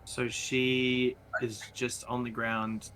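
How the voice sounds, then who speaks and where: A man's voice: medium pitch, level tone, slow, a bit bright, slight background noise, poor audio. A man with an Australian accent playing a tabletop game, thoughtful and reasoning aloud. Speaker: player. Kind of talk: casual tabletop play.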